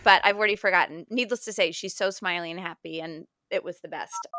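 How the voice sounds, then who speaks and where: Bright, crisp-voiced woman hosting a podcast. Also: fairly low pitch, no room sound, studio quality. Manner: chatty, quick asides and frequent "like". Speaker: podcast host. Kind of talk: casual podcast chat.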